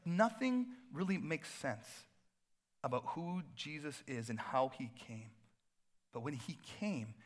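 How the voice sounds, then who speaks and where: Lively, chatty preaching man. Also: on the high side. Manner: conversational, full of fillers and asides. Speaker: pastor. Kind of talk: sermon.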